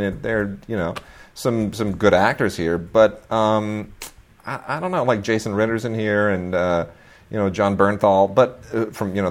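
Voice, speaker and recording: Rambling, enthusiastic man with a lower voice. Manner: rambling, lots of fillers and restarts, enthusiastic. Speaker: host. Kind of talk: casual chat reviewing books and TV releases.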